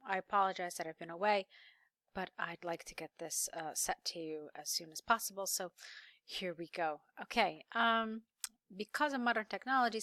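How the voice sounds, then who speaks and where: A woman tutor talking through an essay correction, reading the student's sentences aloud and explaining them slowly and encouragingly. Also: mid-range voice, bright, forceful tone, no echo, studio quality. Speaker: English tutor.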